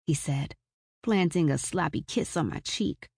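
A woman's voice: on the low side, a little slow, a little mellow, no room sound, clean studio sound. A woman in her forties narrating a first-person story in a frank, wry and casually profane way. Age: 40s. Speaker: audiobook narrator.

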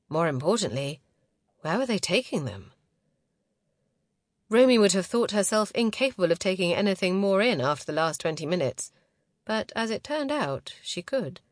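A woman reading a novel aloud as narrator, in a measured, close and intimate way. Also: medium pitch, expressive, no echo. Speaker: audiobook narrator. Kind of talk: scripted narration.

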